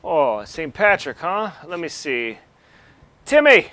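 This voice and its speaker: Guy doing a loud chatty new york army major, high and bubbly, crisp voice. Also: lively intonation, moderate pace. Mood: busy. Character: chatty older male officer, brash and friendly.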